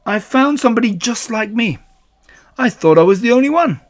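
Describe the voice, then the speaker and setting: A man's voice: extremely high pitch, lively intonation, moderate pace, pitched above the performer's own voice. A man reading a storybook aloud, voicing a bouncy, cheerful young male tiger who talks with boastful confidence.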